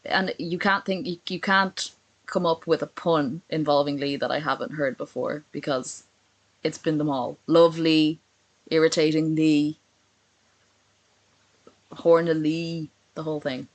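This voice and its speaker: A woman streaming from home with a slightly low voice, talking casually and sarcastically. She reacts as she goes and reads messages aloud in little put-on voices. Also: fairly even intonation, normal speed. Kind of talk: casual live stream commentary.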